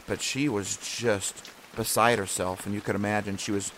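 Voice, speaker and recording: A man with a fairly low voice talks to his podcast listeners in a casual devotional way. He is earnest and encouraging, wanders off track and restarts his sentences. Faint rain patters in the background. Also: steady tone, moderate pace, a bit bright, a little hiss or hum. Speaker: podcast host.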